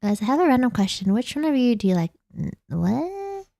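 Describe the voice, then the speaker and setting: A woman's voice: a little high, expressive, very fast, dark tone, no echo. An Australian woman streamer chatting casually late at night, giggling often and rambling in a self-deprecating way.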